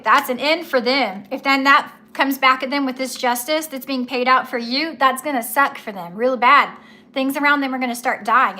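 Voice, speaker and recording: Bright high-voiced woman reading tarot. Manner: emphatic, chatty, slangy, repeats key words. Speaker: tarot reader. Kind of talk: casual tarot reading livestream.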